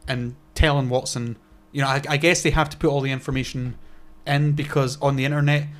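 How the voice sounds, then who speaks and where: A man's voice: medium pitch, steady tone, brisk. A man co-hosting a casual podcast chat, rambling with lots of fillers and restarts. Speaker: podcast co-host.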